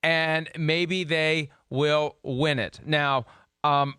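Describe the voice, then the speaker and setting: Bright, crisp-voiced sports host. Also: male voice, on the high side, steady tone, drawn-out words, no room sound, clean studio sound. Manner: wry, colorful turns of phrase. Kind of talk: casual sports chat.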